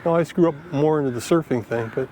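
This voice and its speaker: A man's voice: a little high, rapid-fire, a little mellow, a little hiss or hum. A man rambling with lots of fillers as he walks through a park, filming his finance vlog on a handheld phone. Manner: rambling, chatty, with many fillers. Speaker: finance vlogger. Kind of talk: casual walking vlog. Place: outdoors, walking through a park.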